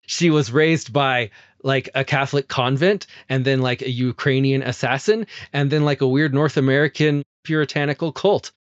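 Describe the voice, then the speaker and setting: A man hosting a casual film podcast who laughs often and retells scenes with animated energy. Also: mid-range voice, normal speed, hardly any pauses, clear, resonant tone, dry recording, dull audio. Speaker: podcast host.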